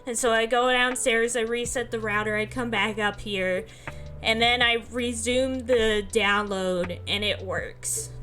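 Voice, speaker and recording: Slow-talking sleepy woman streamer. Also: mid-range voice, sharp tone. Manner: rambling, chatty, laughs often. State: sleepy, yawning. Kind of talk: casual livestream chat.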